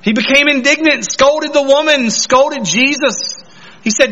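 A pastor preaching a sermon, earnestly putting questions straight to the congregation. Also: male voice, very high voice, animated, normal speed, sharp tone, muffled recording.

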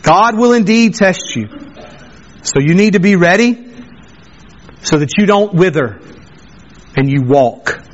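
A man with a high voice preaches a sermon, stressing his points by saying them again. The recording sounds dull and lo-fi. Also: expressive, unhurried, pauses often. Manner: emphatic, repeats phrases for stress.

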